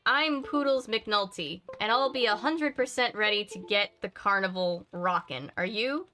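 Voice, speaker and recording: Lady doing a loud cheery carnival boss guy, bright voice, hyping up the crowd. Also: mid-range voice, unhurried. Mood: rousing. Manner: hearty crowd-rousing announcer delivery. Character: booming cheery man, carnival chairman.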